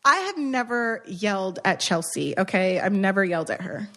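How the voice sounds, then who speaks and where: A woman's voice: medium pitch, expressive, moderate pace, a bit bright. A woman co-hosting a podcast, talking earnestly in casual chat and repeating phrases to make her point. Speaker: podcast co-host.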